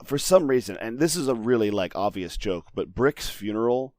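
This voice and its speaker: A podcast co-host chats casually, rambling with restarts and quoting movie lines. His voice is fairly low, a little mellow, and animated at a normal speed, recorded dry with clean studio sound.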